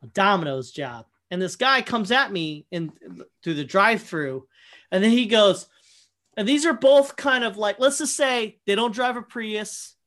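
High bright-voiced man telling a story. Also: measured pace. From Michigan, USA. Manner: animated, profane, many fillers and quoted asides. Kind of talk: casual anecdote chat.

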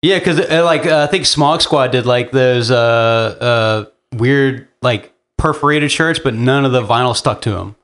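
A man's voice: mid-range voice, measured pace, few pauses, fairly bright tone. A young man hosting a podcast, chatting casually with loose, joking banter and some swearing. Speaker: podcast host. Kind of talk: casual chat.

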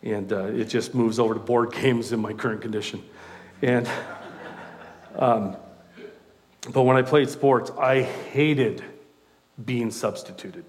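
A male preacher delivers a sermon at a middle pitch. He talks conversationally and with animation, breaking in with self-deprecating asides. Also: slow, pauses often.

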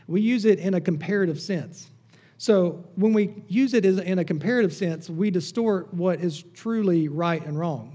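A pastor delivers a sermon in a high, mellow voice. He is conversational and teasing with the congregation. He drops soft and hushed when he prays.

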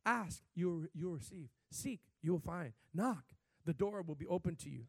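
High-voiced preaching man, dry sound. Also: a little fast, no room sound. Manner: animated preaching with sudden swells in pitch and volume. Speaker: pastor. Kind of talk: sermon.

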